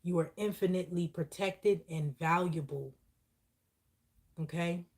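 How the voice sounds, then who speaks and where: A woman with a somewhat low voice delivers a live channeled spiritual message, earnest and repetitive, often checking in with the listener. She sounds close to tears throughout. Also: a little slow. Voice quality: emotional, heartfelt delivery. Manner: earnest, repetitive, preaching with frequent "okay?".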